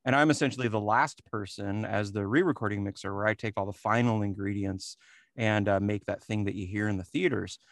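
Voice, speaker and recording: Man in a relaxed interview, lowish and dry, laughs easily. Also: fairly quick, no room sound. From New Jersey. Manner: relaxed, chuckles often, many fillers and restarts. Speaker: re-recording mixer, interview guest. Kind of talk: casual interview talk.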